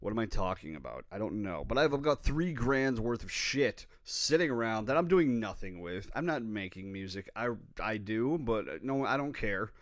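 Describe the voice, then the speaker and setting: A man's voice: fairly low pitch, lively intonation, normal speed, hardly any pauses, dry recording, studio quality. A man from Minnesota hosting a rambling, profane, self-deprecating solo podcast while playing guitar. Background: his own guitar playing.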